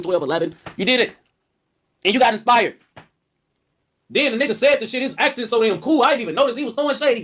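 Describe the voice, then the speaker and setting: Young man, high pitch, swooping lively delivery, profane animated livestream rant, laughs often, fast talker. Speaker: rapper on a livestream.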